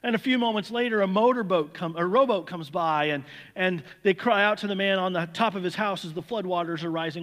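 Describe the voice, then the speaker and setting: A man's voice: high voice, a little fast, fairly bright tone. A man preaching an earnest, emphatic sermon that weaves in an illustrative story. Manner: earnest, emphatic, repeats words. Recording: long hall reverb.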